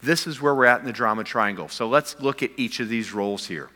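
A man preaching from the pulpit with a bright, forceful tone that carries a long reverb through a large hall. He climbs to emphatic peaks, then drops into quiet intensity. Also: medium pitch, brisk. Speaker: pastor. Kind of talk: sermon.

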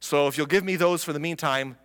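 A man's voice: on the high side, brisk, a bit bright, in a large hall, natural voice. A man voicing a bold, clever young woman who speaks in a sly, matter-of-fact way. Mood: calm bargaining.

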